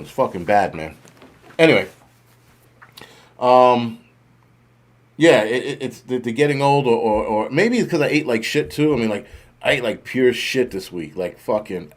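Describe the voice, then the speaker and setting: A man's voice: mid-range voice, normal speed, pauses often. A middle-aged man hosting a livestream, swearing constantly and rambling in a self-mocking way before turning to the news. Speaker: host. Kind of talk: profane casual livestream rant.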